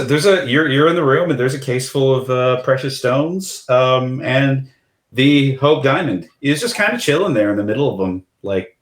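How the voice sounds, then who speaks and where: A man narrating as game master of a tabletop game, halting with frequent restarts. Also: mid-range voice, roomy sound.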